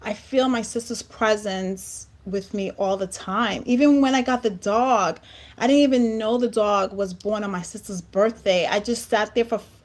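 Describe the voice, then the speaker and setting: A woman hosts a heartfelt talk show conversation, speaking earnestly and emphatically and often repeating words. Her medium-pitched voice holds a steady tone at a moderate pace.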